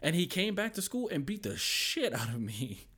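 A young man telling stories as a podcast guest, lively and quoting people in put-on voices. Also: on the high side, normal speed, slightly rough. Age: young adult. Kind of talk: casual storytelling chat.

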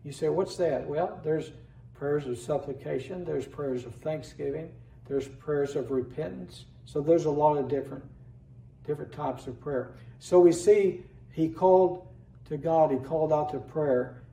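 Pastor, male, earnest sermon delivery, slightly raised pitch, heard from afar in an echoing church. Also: measured pace, vocal fry, dark tone, slight background noise. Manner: earnest preaching, reads scripture aloud with rising emphasis. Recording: echoey room, voice from a distance.

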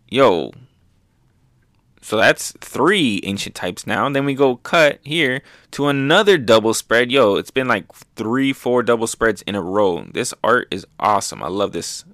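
A man hosting a casual manga recap, talking excitedly with lots of fillers and little bursts of hype. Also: mid-range voice, measured pace, no echo, clean studio sound. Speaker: manga review host.

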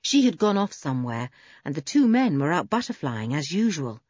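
A woman reading a children's storybook aloud in an expressive, animated way. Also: sits low, normal speed, breathy edge, dry recording, lo-fi sound. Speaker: audiobook narrator. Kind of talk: storybook narration.

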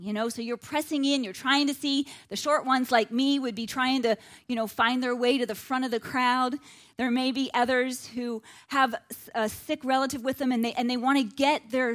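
A woman's voice: fairly high pitch, a bit bright. A woman teaching a conversational Bible lesson, chatty and informal, often adding asides and checking in with her listeners. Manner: chatty, with many "like" and "you know" asides.

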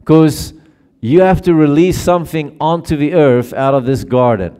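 A man's voice: a little high, normal speed, warm tone, smooth. A male pastor giving a conversational sermon, often checking in with his listeners and laughing while he tells stories.

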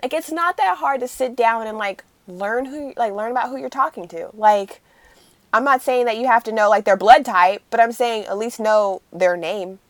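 A chatty woman in a casual group talk, fond of "like", with a slightly high voice. The sound is dry and close. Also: moderate pace, dry recording. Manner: chatty, lots of "like". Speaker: podcast co-host.

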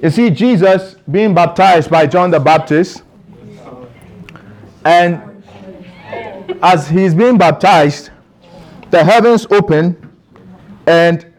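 A man's voice: high-pitched, slow, pauses often. A man preaching a sermon to a congregation in a church, asking rhetorical questions and calling for responses.

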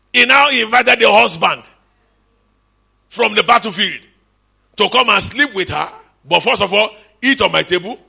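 A middle-aged Nigerian-accented preacher gives a spirited sermon at a church conference, breaking into shouts and Yoruba asides. His voice is high-pitched, creaky, and husky.

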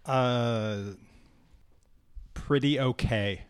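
A man's voice: mid-range voice, extremely slow, clear, resonant tone. A man in a casual group chat, making dry jokes and hesitating with fillers before his answers. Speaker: podcast co-host.

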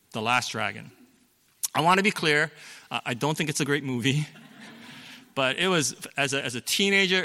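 Middle-aged male pastor, conversational sermon delivery, bright tone, church hall with a long echo. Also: medium pitch, vocal fry. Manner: conversational, explanatory, with fillers and self-corrections.

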